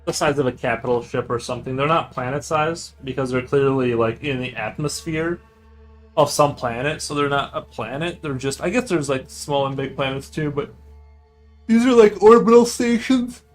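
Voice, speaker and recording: A man's voice: medium pitch, normal speed, soft background music, rough recording. A young man streaming his drawing, chatting casually and rambling with many fillers and restarts. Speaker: artist streamer.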